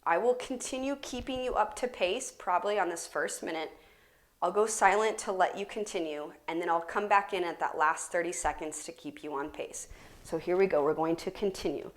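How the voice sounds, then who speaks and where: A young adult woman teaching a guided yoga class, explaining in a relaxed, casual way with plenty of fillers, recorded on a camera mic. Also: lowish voice, a little fast. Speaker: yoga instructor.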